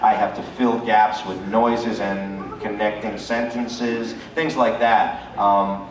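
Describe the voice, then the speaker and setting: Guy from brooklyn talking voice acting on a panel, lowish voice, roomy hall, mic kinda far. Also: slow. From Brooklyn, New York. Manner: explanatory, animated storyteller. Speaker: voice actor panelist. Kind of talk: convention panel talk. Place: large convention panel room. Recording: echoey hall, distant mic, faint noise.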